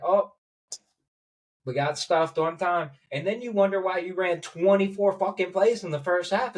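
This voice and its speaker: A man giving a heated, profane sports rant as a commentator, getting angry and loud at times. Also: high-pitched, recorded from a distance, low-quality recording. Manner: angry, swearing, rising to loud outbursts.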